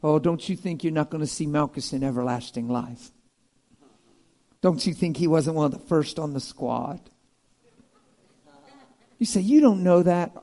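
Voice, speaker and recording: High-voiced, emphatic male preacher. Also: unhurried, pauses often. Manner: animated, emphatic, swings between loud and hushed. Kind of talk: sermon.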